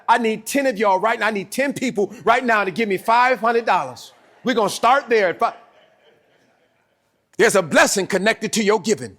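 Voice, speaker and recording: A pastor with a Southern American accent preaching a sermon, animated and emphatic, laughing and repeating words for effect. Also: male voice, high-pitched. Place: church sanctuary.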